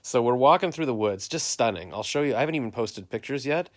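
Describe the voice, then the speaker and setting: A man's voice: medium pitch, animated, fast talker. A Canadian man rambling through a story of his day on a live stream, quoting everyone with "I'm like" and "he's like.". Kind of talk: casual live-stream chat.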